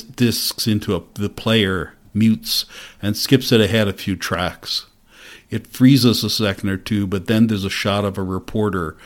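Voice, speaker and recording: A man giving measured, reflective first-person narration of a novel for an audiobook. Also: on the low side.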